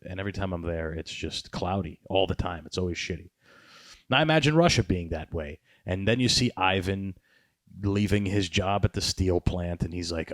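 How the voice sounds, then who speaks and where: Deep male voice, rambling sarcastic podcast host, swears a lot, dry close mic. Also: normal speed, no echo. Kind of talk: casual podcast chat.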